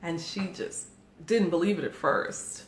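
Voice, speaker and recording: A woman in her forties telling a family story in a casual chat, animated and often laughing as she acts out what her family said. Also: fairly low pitch, measured pace. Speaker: podcast co-host. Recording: echoey room with faint background noise.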